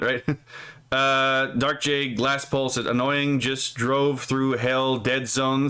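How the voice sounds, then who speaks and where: A man streams casually, reading posts aloud and ridiculing them with sarcastic, profane asides while often throwing in "right?". His voice is medium-pitched, smooth and sharp-toned. It's casual live stream commentary.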